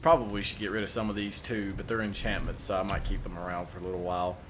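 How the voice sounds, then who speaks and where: A man's voice: deep voice, flat delivery, quick pace, faint music behind. A man streaming a video game, thinking aloud in a casual, hesitant way with frequent swearing. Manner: mumbling to himself, swearing, hesitant. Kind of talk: casual gameplay commentary.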